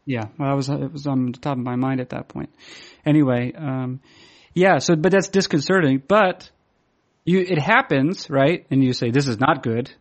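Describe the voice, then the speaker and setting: A man's voice: mid-range voice, fairly even intonation, moderate pace. A man from the Boston area chatting casually, rambling and hesitant, with many fillers and restarts, laughing at himself as he tells stories. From Boston area, USA. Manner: self-deprecating, laughs while telling stories. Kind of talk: casual chat.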